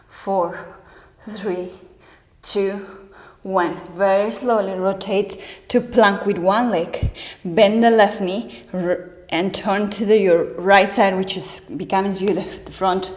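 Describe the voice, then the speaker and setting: In a reverberant, echoey room, a female yoga instructor counts breaths and names poses, her phrasing slightly non-native. Her voice sits in the mid range and sounds a little mellow.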